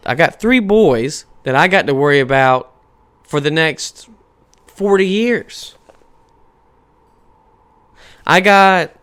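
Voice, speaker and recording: A man's voice: fairly high pitch, clean tone. A man in his thirties ranting on a casual podcast, swearing freely and firing off rhetorical questions. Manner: profane, animated, rhetorical questions. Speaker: podcast host. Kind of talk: casual rant.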